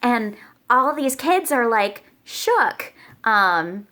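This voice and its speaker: A young woman chatting casually to camera as a vlogger, bubbly and animated, jumping into high squeals when she quotes herself. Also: extremely slow.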